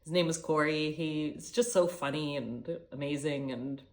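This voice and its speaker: A woman's voice: sits low, a little slow. Chatty swearing young woman vlogger. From Canada. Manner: chatty, swears freely, retells dialogue animatedly. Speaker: travel vlogger. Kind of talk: casual storytelling vlog.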